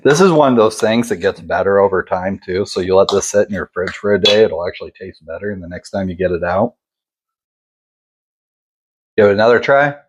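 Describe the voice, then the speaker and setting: A man's voice: sits low, a little fast, slight background noise. Laid-back man hosting a cooking vlog. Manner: laid-back and self-deprecating, chatty asides. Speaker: cooking channel host.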